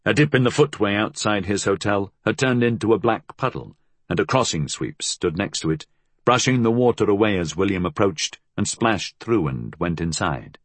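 A man reading a novel aloud as an audiobook narrator, telling the story in a measured, expressive way. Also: fairly low pitch, breathy edge, no echo. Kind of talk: scripted narration.

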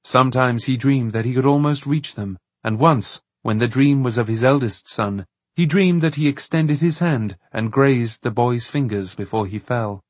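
A man narrates an audiobook in a measured, even reading. His voice is husky and mid-pitched. The recording is dry and close. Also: no room sound. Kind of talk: scripted narration.

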